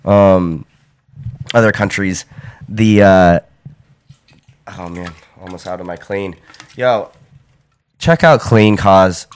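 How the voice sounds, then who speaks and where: A man's voice: low voice, slow, pauses often, smooth. A young American man hosting a podcast, rambling casually with lots of fillers and restarts. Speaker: podcast host.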